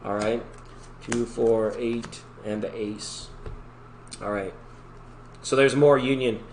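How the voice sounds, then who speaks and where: A man's voice: mid-range voice, fairly even intonation, takes it slowly. A man hosting a live tarot reading stream, talking in a rambling, upbeat, chatty way to his viewers. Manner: chatty, rambling, upbeat, breaks into sung snippets. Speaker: tarot reader and livestream host. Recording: echoey room with faint background noise.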